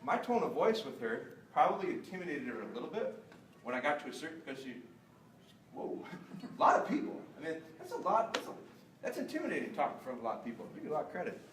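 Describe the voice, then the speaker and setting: A man's voice: fast talker, a little hiss or hum. A middle-aged man, a dog trainer, giving a live seminar to an audience in a large store hall, chatty and joking. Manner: chatty, joking, jumps to high excited praise voice. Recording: roomy echo, mic at a distance.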